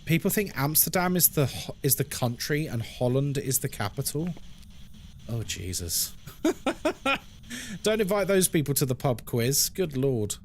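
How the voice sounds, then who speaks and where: A man's voice: a little high, very animated, a little slow, slight background noise. A man streaming a game, chatting playfully and reading chat messages aloud. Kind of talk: casual live-stream chat.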